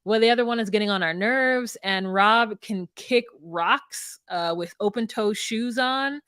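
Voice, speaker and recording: A woman's voice: medium pitch, unhurried, fairly bright tone, clear, resonant tone, no echo, studio quality. A woman co-hosting a podcast in casual chat, laughing often and rambling through her thoughts with many restarts. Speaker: podcast co-host. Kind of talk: casual chat recapping a reality show.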